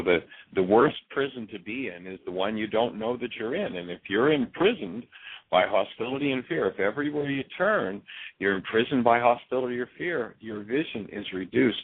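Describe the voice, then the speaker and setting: An earnest man talks as a radio guest, telling stories with frequent restarts. His voice is low and husky. It comes through a tinny telephone line. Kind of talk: radio interview talk.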